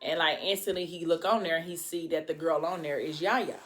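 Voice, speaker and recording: A woman's voice: deep voice, fairly even intonation, normal speed, fairly bright tone, slight background noise. A woman vlogger casually retelling a story while eating, acting out the characters' lines with lots of "like" and "you know". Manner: retells a story with quoted voices, many fillers.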